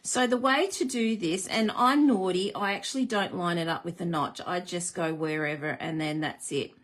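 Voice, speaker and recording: A woman's voice: lowish voice, moderate pace, fairly bright tone. A woman hosting a live card-making demonstration, chatty and self-deprecating, greeting viewers as she works. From Australia.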